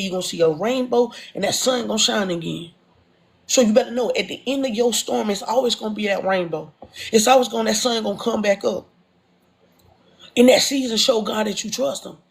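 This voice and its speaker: A woman's voice: fairly high pitch, gravelly. A woman who is a mother performing spoken word poetry with impassioned, preaching cadence and repeated refrains. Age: adult, a mother. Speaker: performing poet.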